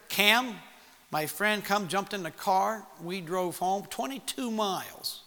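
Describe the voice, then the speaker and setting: A man preaching, telling a personal story to young people in an animated way and acting out the voices in it. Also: high voice, unhurried. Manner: animated storytelling with acted-out quotes. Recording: long hall reverb.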